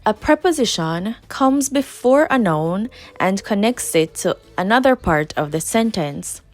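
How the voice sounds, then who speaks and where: A woman from Jamaica with a Jamaican accent, teaching an online language lesson and slowly repeating each example phrase. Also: mid-range voice, lively intonation, faint music behind. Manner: slow, careful repetition of example phrases. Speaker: patois teacher.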